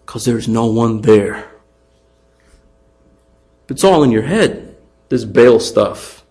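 A man preaching a sermon, animated, acting out taunts in a raised voice and dropping quiet for emphasis. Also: mid-range voice, slow, slightly rough, poor audio. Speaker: pastor.

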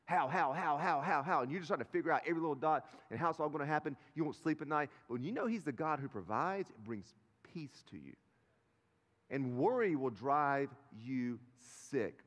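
A man's voice: medium pitch, big pitch swings, a little fast, highs cut off. A man in his thirties preaching a conversational sermon as pastor, telling stories and checking in with his congregation. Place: large church sanctuary. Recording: live sermon in a reverberant sanctuary.

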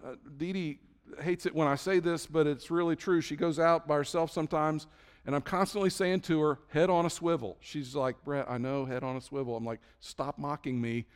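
Pastor with a higher voice in an echoing hall. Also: male voice, clear, resonant tone. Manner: conversational storytelling with frequent fillers. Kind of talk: sermon. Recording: long hall reverb.

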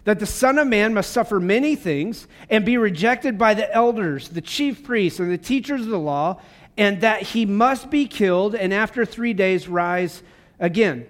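A man with a high-pitched voice preaches to his congregation. He is fervent and passionate yet conversational, dropping casual asides between points. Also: lively intonation, moderate pace. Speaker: pastor. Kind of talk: sermon. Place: church service.

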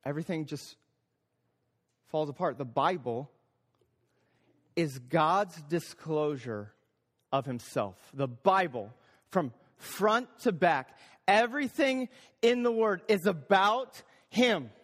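A man preaching a sermon as pastor, animated, repeating phrases for emphasis and acting out little voices. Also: on the high side, slow, long pauses. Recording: long hall reverb.

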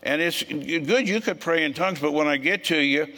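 A man preaching a sermon in a church, telling folksy stories in a frisky, forceful way. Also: fairly high pitch, normal speed, in a large hall.

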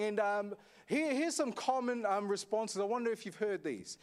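A man's voice: sits high, animated, unhurried. A man, a senior pastor, preaching a sermon in a conversational way, often asking the congregation questions. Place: echoey church hall.

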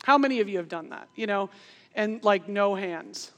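Woman in her 40s, lively storytelling preacher, mid-pitch voice, long hall reverb. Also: normal speed, highs cut off. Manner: animated, laughing through a funny story. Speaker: speaker. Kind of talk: sermon storytelling.

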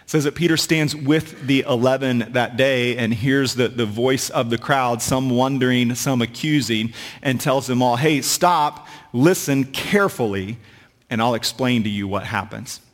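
A man's voice: medium pitch, measured pace. A man preaching a sermon as a pastor, talking in a conversational way with asides and jokes. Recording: long hall reverb.

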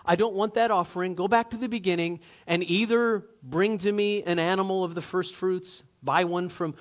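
Higher-voiced man preaching conversationally. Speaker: pastor. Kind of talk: sermon.

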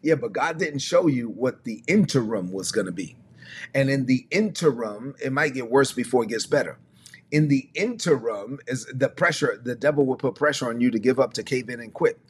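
A man's voice: mid-range voice, expressive, moderate pace, a little hiss or hum. A man preaching a streamed sermon as pastor, emphatic and repetitive, often prompting listeners to say words back or type them in the chat.

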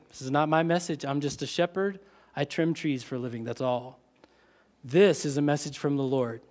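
Male preacher, high voice, expressive sermon delivery. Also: normal speed. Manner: expressive, drops to soft intent tones for quotes.

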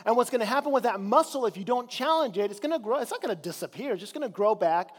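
High-voiced man preaching in a reverberant hall. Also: expressive, fast. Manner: conversational preaching, repeats words when searching. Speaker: pastor. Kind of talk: sermon.

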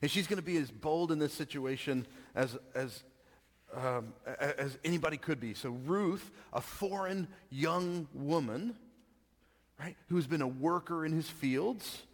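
A man's voice: on the high side, measured pace, in a large hall. A man preaching a sermon in a conversational way, often stopping to ask "right?" and chuckling as he explains. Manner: conversational, laughs often, keeps asking "right?". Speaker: pastor.

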